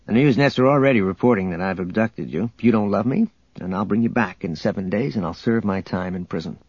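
A man's voice: fairly low pitch, fast, a little mellow, husky, no room sound, pitched below the performer's own voice. A man voicing a cocky, roguish male starship captain who talks in a laid-back, teasing way, in a dull, dry audiobook recording. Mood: earnest.

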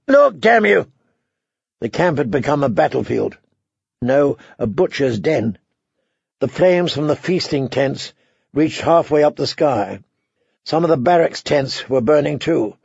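Gravelly male audiobook narrator. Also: fairly high pitch, a little slow, darkish tone, dry recording, highs cut off. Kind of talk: scripted narration.

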